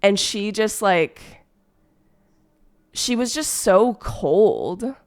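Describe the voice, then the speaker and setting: A woman's voice: medium pitch, expressive, extremely slow. A woman streamer who is sick, telling a story in a rambling, exasperated way with lots of fillers. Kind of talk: casual storytime chat.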